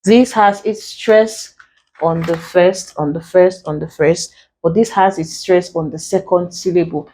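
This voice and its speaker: A woman from Nigeria with a Nigerian English accent, teaching an online exam lesson and working through each answer step by step in a deliberate way. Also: lowish voice, fairly even intonation, mellow, a little hiss or hum.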